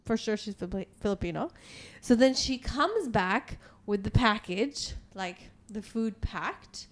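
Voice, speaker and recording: A young woman telling stories in a casual chat, animated and laughing easily. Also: mid-range voice, unhurried.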